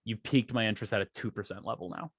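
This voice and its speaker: A man co-hosting a podcast, ranting about movies in a profane, animated way and acting out quotes. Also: lowish voice, very fast, dry recording, clean studio sound. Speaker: podcast co-host. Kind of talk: casual podcast rant.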